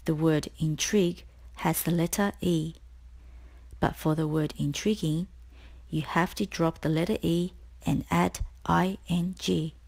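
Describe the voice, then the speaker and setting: A woman tutor reading a scripted spelling lesson, explaining each word slowly and clearly. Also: low voice, fairly even intonation, a little mellow. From Australia. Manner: slow, clear, deliberate explanations.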